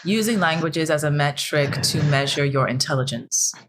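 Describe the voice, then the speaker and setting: American woman on a podcast, kinda low voice, earnest, gets animated making her point. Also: moderate pace, noisy background. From United States. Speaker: podcast co-host. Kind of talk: casual podcast discussion.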